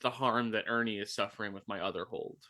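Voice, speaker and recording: Bright-voiced man playing a game. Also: on the low side, steady tone, fast. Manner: playful, jokey. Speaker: player. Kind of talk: casual tabletop play over a video call.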